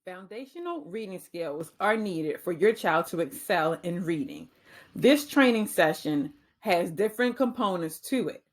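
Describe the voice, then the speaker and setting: A woman's voice: fairly low pitch, expressive. A woman teacher giving a reading-skills training talk, patiently sounding out letter sounds. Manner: clear, patient, sounding out phonemes slowly.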